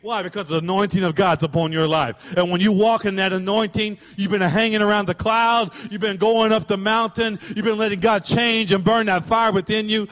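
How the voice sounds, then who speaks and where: A man preaching a sermon as pastor, animated, acting out the voices of God and Pharaoh. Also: high-pitched, brisk, few pauses. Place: church sanctuary. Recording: church hall with long reverb.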